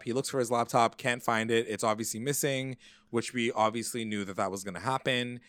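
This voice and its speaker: A man's voice: mid-range voice, steady tone, fairly quick, fairly bright tone, no echo, studio quality. A man co-hosting a podcast, telling a recap in a rambling, casual way that is full of fillers. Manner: rambling, filler-heavy storytelling. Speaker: podcast co-host.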